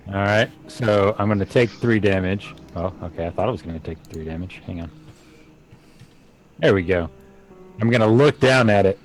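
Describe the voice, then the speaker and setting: A man's voice: lowish voice, normal speed, pauses often, soft background music, poor audio. A man playing a tabletop game, brash and swearing as he declares his character's actions. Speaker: player. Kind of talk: casual tabletop play.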